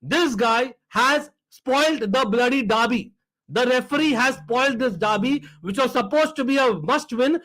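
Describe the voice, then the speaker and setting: Indian man, fan reaction host, worked-up ranting, bright tense voice. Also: extremely high pitch, moderate pace, rough recording. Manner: agitated, ranting, mixing English and Hindi. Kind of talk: live match reaction.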